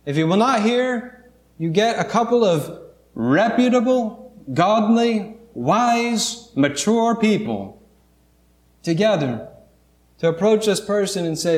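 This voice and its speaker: A man's voice: high-pitched, lively intonation, measured pace, echoey room. A man preaching a sermon as pastor, earnest and emphatic, mixing stories with scripture.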